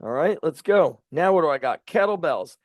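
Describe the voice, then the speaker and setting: A middle-aged strength coach and podcast host in a blunt, profane, fired-up monologue. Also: male voice, fairly high pitch, expressive, moderate pace, dry recording.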